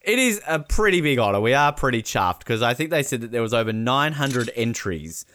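A man hosting a casual podcast, jokey and quick to laugh. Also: mid-range voice, very animated, fairly bright tone, a little hiss or hum. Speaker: podcast host.

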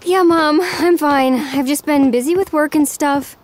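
An earnest, easily rattled young woman, acted by a woman in a comedy audio drama. She speaks high and unhurried, with a faint hiss behind her. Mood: flustered. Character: young woman, sweet and anxious. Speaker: Sarah, lead character. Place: city apartment, Brooklyn.

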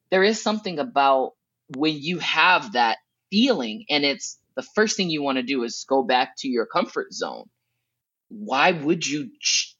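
Animated woman from Southern California. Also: husky, dry recording. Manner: animated, acts out her own past thoughts with big pitch jumps; swears casually and laughs between thoughts. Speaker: guest, educational consultant. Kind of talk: casual interview storytelling. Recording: dull, dry sound.

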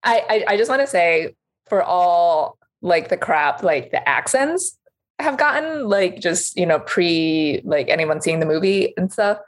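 A woman chatting as a film podcast co-host, with a voice on the lower side for a woman. She talks in quick, animated bursts, full of filler words. She laughs easily. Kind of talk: casual chat.

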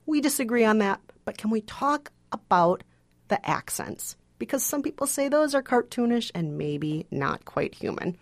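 A woman's voice: a little high, expressive, moderate pace, dry recording. A woman co-hosting a casual movie review chat, frank and playful. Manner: frank, playful, laughs easily. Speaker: film critic co-host.

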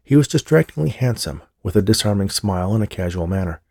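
Male audiobook narrator, steady reading, gravelly, dark husky tone, dry close sound. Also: lowish voice, fast talker, dry recording. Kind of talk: scripted narration.

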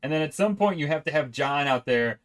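Speaking fairly quickly in a voice on the high side with lively intonation, a male podcast co-host rambles through a casual conversation about video games. He laughs often and keeps interrupting himself to restart.

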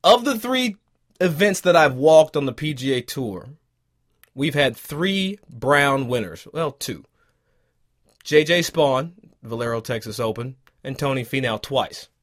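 A podcast co-host chats casually, telling stories with lots of animation and frequent laughter. His voice sits in the mid range and he never rushes.

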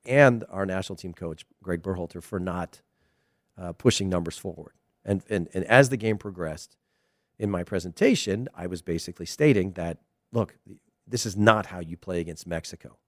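A man's voice: low voice, moderate pace, dry recording, clean studio sound. A middle-aged American man, a former player, giving a digressive, emphatic casual commentary monologue. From United States.

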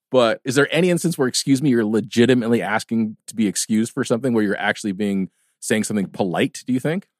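A man's voice: fairly low pitch, fast talker, few pauses, a little mellow, no echo. A man co-hosting a podcast in a studio, chuckling as he pokes at a point with probing questions in casual comedic chat. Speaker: podcast co-host.

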